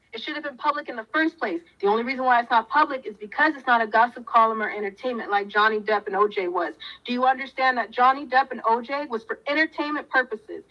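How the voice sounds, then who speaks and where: A woman talking to her viewers in a fiery, preachy way, firing off repeated questions. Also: fairly high pitch. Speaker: commentator. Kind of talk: impassioned talk to viewers. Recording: muffled lo-fi audio.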